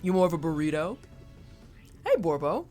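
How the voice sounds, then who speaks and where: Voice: mid-range voice, very animated, moderate pace, darkish tone, soft background music. A streamer chatting casually with viewers while playing a game, thanking supporters and making playful asides. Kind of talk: casual live-stream chat while gaming.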